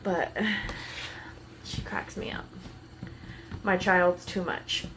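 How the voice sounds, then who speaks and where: Speaking very slowly, a podcast co-host uses a fairly low, fairly bright voice with little rise and fall, over a slight hiss or hum. She's a chatty storyteller, casually relating events and voicing what others said.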